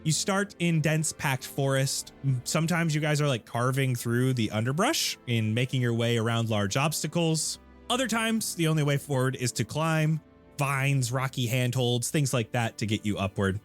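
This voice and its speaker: A man serving as game master, describing scenes with lively narration and wide swings in pitch. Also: moderate pace, soft background music.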